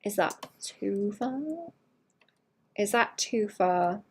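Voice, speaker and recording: A woman streaming herself drawing, chatting casually in a rambling way that trails off and drops to a quiet murmur. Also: medium pitch, very slow, breathy edge. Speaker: art streamer. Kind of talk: casual live-stream chat while drawing.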